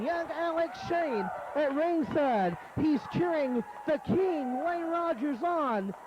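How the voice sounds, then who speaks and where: A man calling a wrestling match play by play in a folksy, excited way. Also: very high voice, dull audio, noisy background. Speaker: wrestling commentator. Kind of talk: play-by-play commentary.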